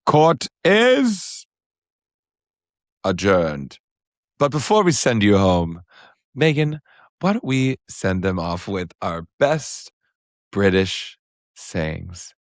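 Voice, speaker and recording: A man co-hosting a podcast, chatting casually and joking in quick bursts. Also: low voice, big pitch swings, no echo, clean studio sound. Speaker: podcast co-host. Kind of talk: casual chat.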